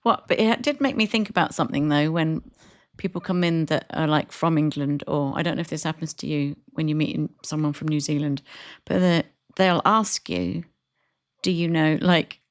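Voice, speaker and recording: A woman's voice: sits low, normal speed. A woman co-hosting a podcast in casual chat, encouraging her co-host with questions.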